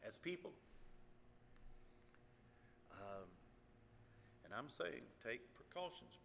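An older male pastor tells a story from the pulpit, his bright, pressing voice breaking off into ums and restarts. He leaps higher and louder whenever the feeling rises. The sound carries a long hall reverb with a faint hiss underneath. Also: vocal fry. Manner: animated storyteller, jumps high and loud when angry or excited; halting, restarts with um and uh. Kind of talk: sermon storytelling.

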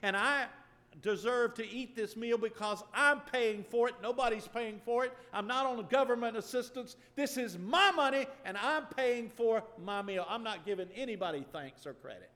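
A man voicing a proud, resentful working man who boasts loudly and indignantly in a long-reverb hall. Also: very high-pitched, normal speed, voice pushed up.

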